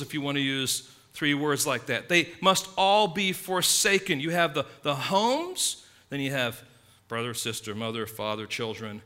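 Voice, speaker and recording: A man preaching a sermon, emphatic, swinging between loud stresses and hushed asides. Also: medium pitch. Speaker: pastor.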